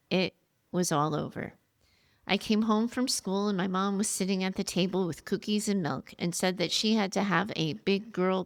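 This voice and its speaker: A woman podcast host slowly and earnestly reading a listener's letter aloud. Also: medium pitch, creaky, a bit bright, no echo, studio quality. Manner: heartfelt, slow and earnest reading.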